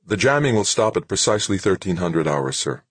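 A man's voice: deep voice, very animated, brisk, breathy edge, no echo, voice pushed up, full character voice. A man voicing a dutiful young male runner who reports formally to his officer. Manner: respectful, formal.

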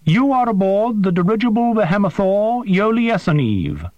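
A man voicing a small, dark, winged female alien creature who speaks in a precise, formal, matter-of-fact way. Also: sits high, very animated, moderate pace, no room sound, dull audio, voice pushed up. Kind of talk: audiobook character voice.

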